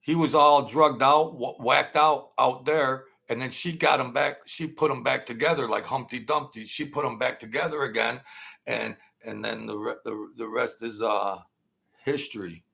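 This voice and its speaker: A man hosting his own channel, telling a long casual story in a rambling, halting way, full of fillers and restarts. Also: medium pitch, fairly even intonation, gravelly, bright, forceful tone, breathy edge. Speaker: channel host telling stories.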